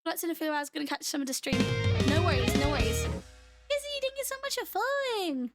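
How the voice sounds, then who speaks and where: A young British woman with a high, lively voice talks fairly quickly over loud music, her accent a blend of British, American, and Australian. Streaming live, she chats casually with her viewers, bubbly and giggling often.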